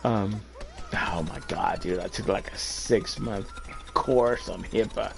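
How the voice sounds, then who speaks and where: A man's voice: lowish voice, slow, vocal fry, a little hiss or hum. A man bantering crudely as a streamer co-host, joking and laughing often while he plays. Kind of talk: casual gaming-stream banter.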